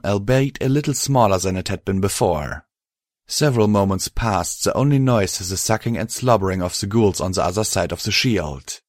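A man with a fairly low voice narrates in a steady, even storytelling manner. The recording is close and dry, with no room around it. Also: no echo. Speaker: audiobook narrator. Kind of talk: scripted narration.

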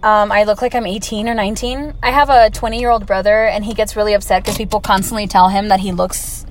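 Young woman in her twenties, chatty vlogger, filler-heavy rambling storytelling, mid pitch. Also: fairly even intonation, a little fast, a little hiss or hum. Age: 20s. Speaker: audio vlogger. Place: on the way home from work.

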